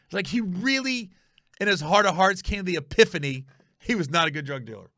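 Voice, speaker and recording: Middle-aged guy from ohio hosting a podcast, telling a story, voice bouncing all over, kinda high for a man. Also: brisk, no echo. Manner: animated, acts out quotes, laughs at own story. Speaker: comedian and podcast host. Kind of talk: casual storytelling.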